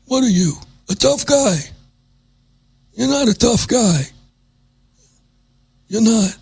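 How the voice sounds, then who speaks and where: A man doing a squeaky taunting tough-guy parody. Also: lively intonation, slow pace, gravelly, darkish tone, slightly rough, heavily acted. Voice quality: high and taunting.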